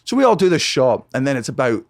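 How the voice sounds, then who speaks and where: A young man, a comedian guesting on a podcast, telling a wild story in a rapid, profane, excitable way, recorded in a home studio on a podcast mic. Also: mid-range voice, dry recording. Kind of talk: animated anecdote telling.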